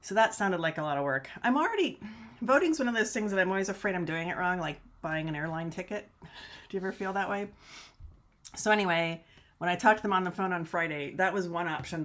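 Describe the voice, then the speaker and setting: A woman's voice: low voice, a bit bright. A woman from Michigan hosting a casual livestream from her laptop, rambling chattily, laughing often and swearing mildly. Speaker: livestream host. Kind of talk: casual chat to a live audience. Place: home room in front of a laptop camera. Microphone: laptop camera mic.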